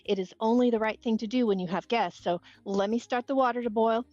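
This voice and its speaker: A woman's voice: fairly high pitch, fairly quick, darkish tone, dry recording, voice pushed up, close to an everyday voice. Fussy halfling hostess, rambling, apologetic, muffled lo-fi sound, played by a woman. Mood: flustered. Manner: rambling, apologetic, eager to please. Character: flustered, hospitable halfling woman.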